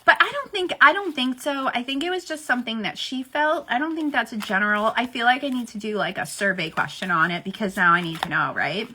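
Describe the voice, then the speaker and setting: A woman's voice: on the high side, a little fast, hardly any pauses, sharp tone, slightly rough. A woman giving a chatty livestream tarot reading, talking to viewers and laughing often. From United States. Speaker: tarot reader.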